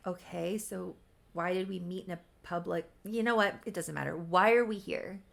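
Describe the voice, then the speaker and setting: A bewildered young man, quick to anger and full of exasperated questions, as a woman puts him on in her own voice. The tone stays close to everyday talk, with a gravelly edge. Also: lowish voice, steady tone, fairly bright tone, heavily acted.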